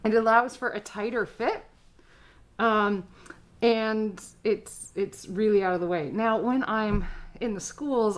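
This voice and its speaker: A woman art teacher giving a casual live-stream craft tutorial, chatty and rambling with frequent filler words. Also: fairly low pitch.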